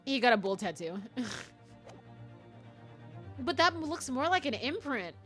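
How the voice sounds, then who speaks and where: A woman's voice: high-pitched, big pitch swings, unhurried, fairly bright tone, soft background music. A woman streamer chatting casually over a game, laughing often and swearing freely. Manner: laughing a lot, swearing, reading game lines aloud. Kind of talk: casual gameplay commentary.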